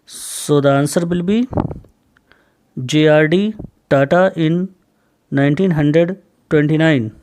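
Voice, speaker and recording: Male teacher, Indian English accent, slow deliberate delivery, slightly high voice, quiz-style explaining. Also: darkish tone, slight background noise. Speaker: school teacher. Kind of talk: general knowledge lesson.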